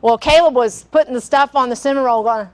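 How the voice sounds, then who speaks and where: Middle-aged woman, chatty cooking-class teacher, high-pitched, rambling storyteller who laughs easily. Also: fast talker, background noise. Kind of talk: live cooking demonstration with stories.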